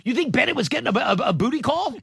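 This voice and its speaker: A man's voice: very high-pitched, expressive, racing, vocal fry, fairly bright tone, slightly rough. A man co-hosting a casual chat, joking and self-deprecating, acting out little scenes as he talks.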